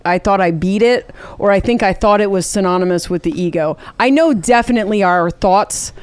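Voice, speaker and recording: A woman guest on a podcast speaking in a smooth, clear voice. She works through her ideas in a reflective, earnest way, searching for words. The sound is dry and close. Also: medium pitch, a little fast, dry recording. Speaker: guest, comedian. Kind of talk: casual chat.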